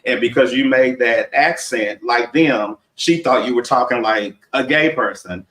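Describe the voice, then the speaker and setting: A man's voice: mid-range voice, unhurried, pushed and bright, roomy sound, recorded from a distance, rough recording. A man from Texas with a Southern accent, chatting casually and rambling as co-host of a live discussion. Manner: rambling, conversational, laughs often.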